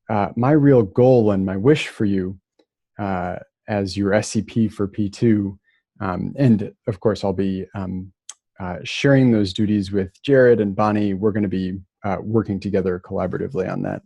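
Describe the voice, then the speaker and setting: A man from Minnesota giving a relaxed, casual lecture remotely, with plenty of fillers and restarts. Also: fairly low pitch, no echo.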